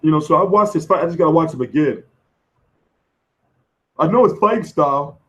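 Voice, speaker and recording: Hoarse man chatting boxing on a stream. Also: a little high, lively intonation, a little fast, fairly bright tone. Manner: loose, profane, slangy banter answering chat. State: losing his voice. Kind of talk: casual live-stream chat.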